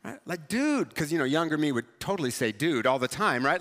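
Male pastor, high voice, conversational and animated sermon, long church-hall reverb. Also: brisk, few pauses. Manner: conversational, animated, self-mocking. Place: church sanctuary.

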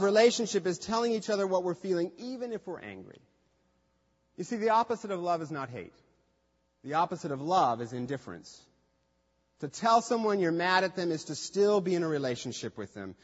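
A man preaching a sermon in a conversational way, acting out quoted voices with light humor. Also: on the high side. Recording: dull lo-fi sound with long hall reverb.

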